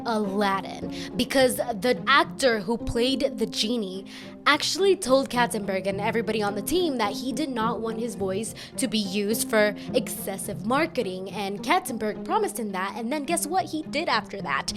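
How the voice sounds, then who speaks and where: A chatty woman with a slightly high voice gives rambling, casual video commentary. She drifts off on tangents and pokes fun at herself. Music plays clearly under her voice. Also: expressive, moderate pace. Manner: chatty, rambling, self-deprecating. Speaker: YouTube commentator. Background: background music.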